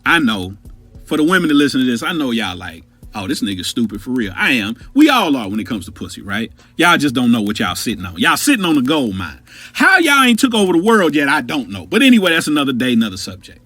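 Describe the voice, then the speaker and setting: Podcast guy telling a story, husky, super animated, cusses a lot, faint music behind. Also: medium pitch, fast talker, dry recording. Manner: animated, profane, conversational. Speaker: podcast host.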